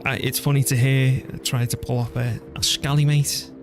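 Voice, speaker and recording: A man's voice: mid-range voice, flat delivery, moderate pace. Chatty male game streamer, faint music. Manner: chatty, thinks aloud, laughs easily. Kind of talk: casual gameplay commentary.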